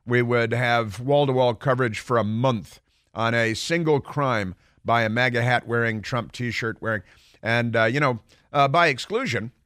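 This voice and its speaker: A man's voice: mid-range voice, moderate pace, a bit bright, clear, resonant tone, no room sound. A man hosting a political talk radio show, rambling through a sarcastic, mocking monologue into a studio microphone.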